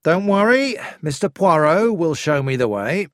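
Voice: mid-range voice, animated, moderate pace, no room sound, studio quality, voice pushed up, lightly acted. A reader voicing an eager police inspector.

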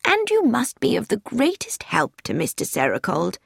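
A woman reading an audiobook, voicing an elderly English spinster who coaxes and gently pries with a soft, raised voice. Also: on the high side, wildly swooping pitch, moderate pace, creaky, husky, no echo, clean studio sound, pitched above the performer's own voice, full character voice. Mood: gently coaxing. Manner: soft, coaxing, gently prying.

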